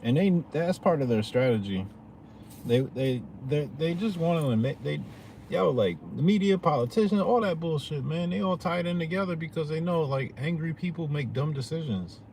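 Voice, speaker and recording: A man's voice: on the high side, expressive, normal speed, gravelly, darkish tone, a little hiss or hum. A man talking to his viewers in a loose, slangy, profane rant, often asking "you know what I'm saying". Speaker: vlogger.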